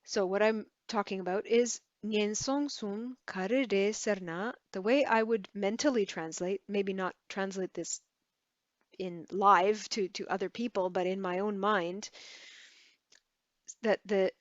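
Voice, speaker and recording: A woman teaching a Tibetan lesson, halting and correcting herself as she spells words out syllable by syllable. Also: medium pitch, steady tone, no echo, dull audio. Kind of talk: relaxed online language lesson.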